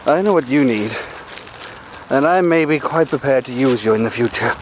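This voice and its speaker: Man voicing a pompous, scheming controller for an audio drama; measured and formal, light noise. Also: mid-range voice, lightly acted. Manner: formal, measured, self-important. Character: cold, scheming male controller.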